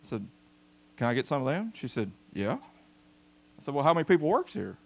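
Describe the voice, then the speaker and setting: The pastor's medium-pitched voice is creaky and moves at a moderate pace. During the church service he preaches an animated, folksy sermon built on stories, calling out to the congregation.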